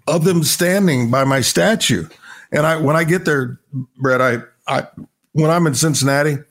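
An older man with a gravelly, creaky edge to his voice, speaking at an average pitch. He rambles through stories in a relaxed interview, restarting and repeating phrases. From Oklahoma. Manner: storytelling, repeats himself, warm laughs. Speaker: guest, retired baseball player.

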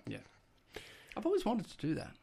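A man co-hosting a comedy podcast, throwing in animated, swearing interjections. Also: high-pitched, a little fast, gravelly, husky. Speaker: podcast co-host. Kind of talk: casual comedic banter.

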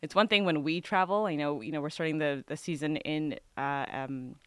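A woman's voice: low-pitched, steady tone, moderate pace, smooth, dry recording. A woman reporting on hockey in a casual radio chat, wry and breezy. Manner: wry, breezy, dismissive quips.

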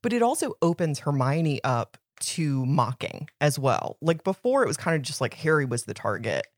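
A woman's voice: low-pitched, big pitch swings, moderate pace, no room sound, studio quality. A young woman co-hosting a podcast, chatting casually about a book in an opinionated way, with lots of "like.". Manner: chatty, opinionated, heavy use of "like". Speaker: podcast co-host.

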